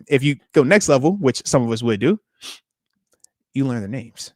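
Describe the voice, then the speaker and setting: A man's voice: mid-range voice, animated, moderate pace, dry recording, studio quality. A man hosting a podcast, chatting casually and acting out quotes in slangy banter. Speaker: podcast host, retired linebacker. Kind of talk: casual chat.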